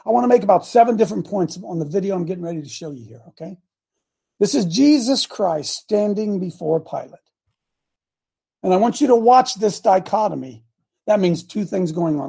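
Older male pastor, gravelly husky voice, fiery repetitive sermon delivery. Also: high voice. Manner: impassioned, repetitive, bursts of loud emphasis.

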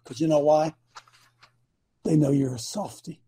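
A man's voice: fairly high pitch, fairly even intonation, measured pace, warm tone, breathy edge. An older man hosting a talk show, speaking with fiery, preachy passion and repeating phrases for emphasis. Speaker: host. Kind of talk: impassioned political talk.

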